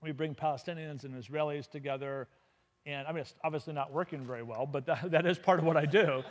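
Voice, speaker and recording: A man speaking to a church congregation as a guest speaker, telling a story in a lively, humorous, anecdotal way. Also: a little high, quick pace. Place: church sanctuary. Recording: long hall reverb.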